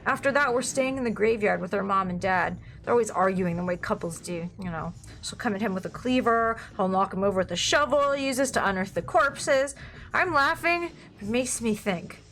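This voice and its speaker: A woman reading a dark comic story aloud in a wry, deadpan manner. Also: mid-range voice, brisk, few pauses. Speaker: story reader.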